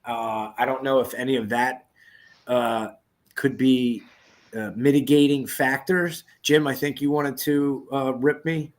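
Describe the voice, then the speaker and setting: A man's voice: mid-range voice, little pitch movement, a little slow. Laughing, foul-mouthed man in his forties. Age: 40s. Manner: profane, laughing, rambling storytelling. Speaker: podcast co-host. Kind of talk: casual chat.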